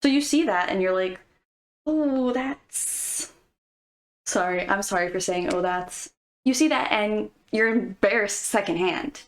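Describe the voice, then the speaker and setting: A woman's voice: mid-range voice, normal speed, hardly any pauses, slight background noise. A woman vlogger giving casual, playful commentary with jokes and asides. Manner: playful, jokey, conversational.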